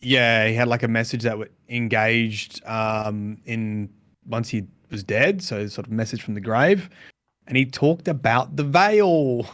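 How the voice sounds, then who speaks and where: A man co-hosting a casual podcast, thinking out loud with many fillers and restarts. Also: medium pitch, measured pace, no room sound. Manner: speculative, hedging with fillers. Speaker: podcast co-host. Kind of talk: casual chat.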